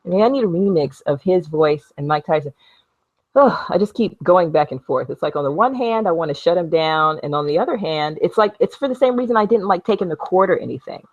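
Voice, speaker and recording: A woman's voice: fairly low pitch, fairly quick, darkish tone, no echo, highs cut off. Blunt, sarcastic woman ranting on a vlog. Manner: sarcastic, blunt, swears freely. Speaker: video blogger. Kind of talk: casual talking-to-camera rant. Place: home, sitting while crafting with a glue gun.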